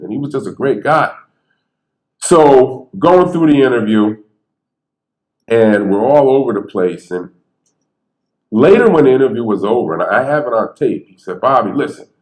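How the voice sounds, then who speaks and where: A man who stutters, telling stories on stage in a lively, conversational way and acting out the people he quotes. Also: medium pitch. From Bridgeport, Connecticut. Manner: animated, conversational, acts out quotes. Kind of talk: storytelling talk. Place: theater stage. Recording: echoey theater.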